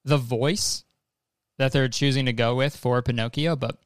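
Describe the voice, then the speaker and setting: A man's voice: mid-range voice, steady tone, normal speed, no echo, studio quality. A young man hosting a casual trailer reaction, rambling and joking with swearing. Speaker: host.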